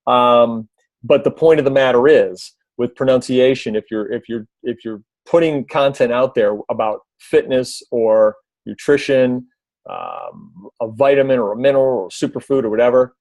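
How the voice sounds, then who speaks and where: An expressive man speaking at medium pitch and a moderate pace shares relaxed video tips on a team call, with lots of fillers and restarts. He briefly does a loud announcer voice, recorded dry.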